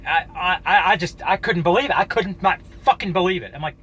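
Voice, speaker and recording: A man with a fairly high, bright and forceful voice tells a story from his own life to camera. He talks loosely and swears often, stumbling and restarting as he goes. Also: expressive, a little hiss or hum, rough recording. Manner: profane, halting, with frequent restarts. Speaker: YouTuber.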